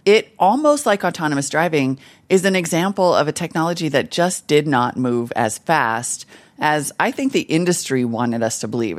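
A woman tech correspondent reporting remotely from a trade show, explaining industry trends in a lively, analytical way. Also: very deep voice, no room sound. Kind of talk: conversational news interview.

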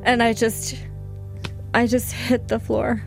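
A woman guest recounts a painful personal story at a slow, halting pace, her voice pitched a little high and full of emotion. The sound is dry and close, with faint music underneath. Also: flat delivery, gravelly. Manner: halting, emotional, with frequent restarts. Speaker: interview guest.

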